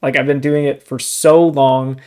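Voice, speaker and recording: A man's voice: mid-range voice, measured pace. Chatty young man on a book podcast. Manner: chatty and animated, says "dude" and "like" often. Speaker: podcast co-host. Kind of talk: casual book discussion.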